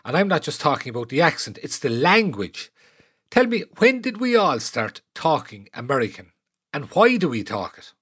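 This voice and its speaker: An older Irish man hosting a podcast interview, asking lively, self-deprecating questions. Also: fairly high pitch, normal speed, husky. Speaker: podcast host. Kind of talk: conversational interview.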